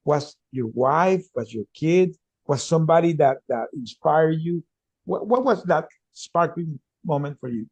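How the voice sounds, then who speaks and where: A male podcast host with a fairly high voice. He asks questions with stammered restarts and repeated words. His voice sounds close and dry, with no room echo. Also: animated, measured pace, darkish tone, husky. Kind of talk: casual conversational interview.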